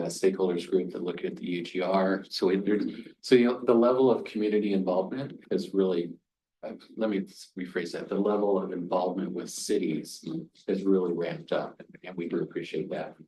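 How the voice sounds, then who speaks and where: Man, very deep voice, halting and informal, city council meeting. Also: darkish tone, slight background noise, low-quality recording. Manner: hesitant, with many ums and restarts. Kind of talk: informal remarks at a council work session.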